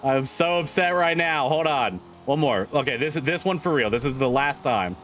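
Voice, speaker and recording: A man's voice: fairly high pitch, animated, normal speed, a bit bright, slight background noise. A man streaming a driving game live, chatting casually, swearing and repeating himself as he gets frustrated.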